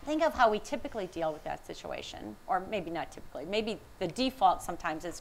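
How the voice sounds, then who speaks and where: A woman's voice: on the low side, sing-song, fast talker, slight background noise, poor audio. A woman speaker and empathy researcher giving a conference talk, telling anecdotes with frequent laughter and quoted dialogue. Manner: warm anecdotal, laughs often, quoting others. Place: conference room.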